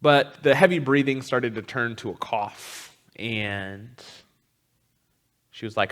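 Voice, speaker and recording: A man's voice: medium pitch, takes it slowly, fairly bright tone. A man giving a personal storytelling talk as a guest teacher, speaking candidly and conversationally, with frequent ums. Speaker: guest teacher at a spiritual community.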